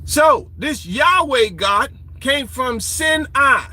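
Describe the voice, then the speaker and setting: A man's voice: high-pitched, lively intonation, unhurried, sharp tone, slightly rough, rough recording. A man giving a profane, ranting lecture, taunting and quizzing his listeners in a confrontational way. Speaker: online lecturer.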